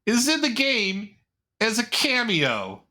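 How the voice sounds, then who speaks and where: A man's voice: very high voice, huge pitch swings, takes it slowly, pushed and bright. A man co-hosting a podcast in casual chat, telling jokey meandering stories with many restarts. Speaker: podcast co-host.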